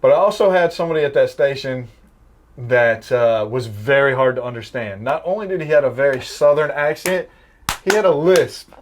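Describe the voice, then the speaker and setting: A man's voice: medium pitch, normal speed, slight background noise. Laughing storyteller, young firefighter guy. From American Midwest. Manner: anecdotal storyteller, laughs often. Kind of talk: casual podcast conversation.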